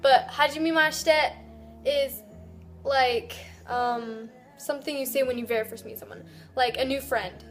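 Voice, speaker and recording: A woman giving a casual video lesson on Japanese, chatty and loose, slowly sounding out words syllable by syllable. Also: on the high side, faint music behind. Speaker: Japanese language teacher.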